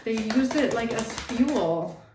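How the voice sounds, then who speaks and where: A woman's voice: a little high, lively intonation, slow, echoey room, background noise. Blunt, swearing woman tarot reader. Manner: blunt, indignant, swears freely. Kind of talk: tarot reading monologue.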